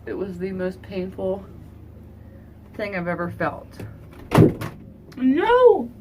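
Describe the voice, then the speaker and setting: A woman vlogger telling a painful personal story in an earnest, halting, confessional way. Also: medium pitch, flat delivery, very noisy. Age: adult. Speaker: beauty vlogger.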